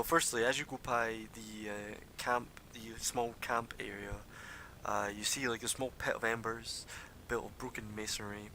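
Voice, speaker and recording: A man narrating an online tabletop game as game master, casual and full of fillers. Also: sharp tone. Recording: noisy low-quality stream recording.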